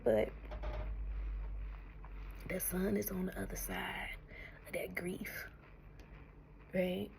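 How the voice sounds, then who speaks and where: Lady doing a tarot message, low gravelly voice, slips into whispers, soft hiss behind. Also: level tone. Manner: slow, soothing, often drops to a breathy whisper, calls listener honey. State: emotional, near tears. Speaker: tarot reader. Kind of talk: spiritual message to viewers.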